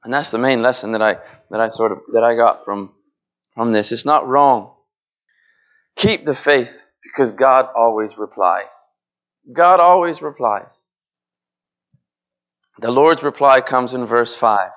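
A man's voice: medium pitch, a little slow, long pauses, fairly bright tone. Guy preaching a sermon, earnest, repeats himself a lot, kinda dull lo-fi sound. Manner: earnest, voices pleading prayers to God, repeats phrases.

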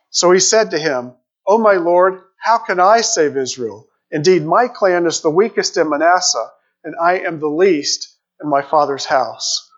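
A man's voice: fairly high pitch, measured pace. A man preaching a sermon, reading scripture aloud and asking the listeners questions. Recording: dull lo-fi recording.

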